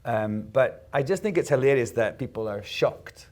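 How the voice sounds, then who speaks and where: A man's voice: medium pitch, animated, moderate pace, darkish tone. This is a middle-aged man chatting on a festival panel. His voice sits in an ordinary middle register. He talks loosely, with restarts, and often laughs. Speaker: actor on a panel. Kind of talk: casual panel conversation.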